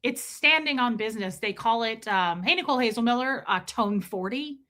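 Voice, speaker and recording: Middle-aged woman host, casual live commentary, bright clear voice, emphatic and repetitive, greets chatters mid-sentence. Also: on the high side, expressive, fairly quick. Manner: emphatic, repeats herself, breaks off to greet viewers. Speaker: livestream host reading chat.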